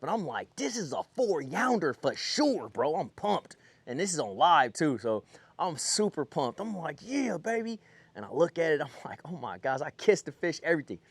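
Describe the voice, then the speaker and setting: Excitable young man telling a fishing story. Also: medium pitch, dry recording. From California. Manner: excitable, slangy, retells his own thoughts aloud. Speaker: pro bass angler. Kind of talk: casual fishing vlog storytelling.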